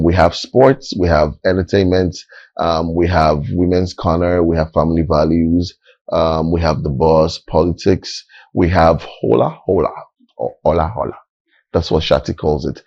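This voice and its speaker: A Nigerian man hosts a TV show in a deep, husky voice. His tone is mellow and dry, and he jokes his way through casual banter with plenty of fillers. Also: dry recording, muffled recording. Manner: playful, joking banter with many fillers. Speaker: TV show host. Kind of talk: casual TV studio chat.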